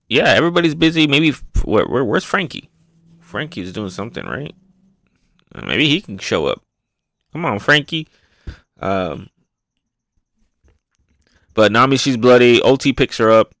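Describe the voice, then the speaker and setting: Excitable man, rambling casual review, dry close sound. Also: mid-range voice, a little slow, long pauses, no echo. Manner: excitable, rambling, repeats words. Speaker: podcast host reviewing manga. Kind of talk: casual chat.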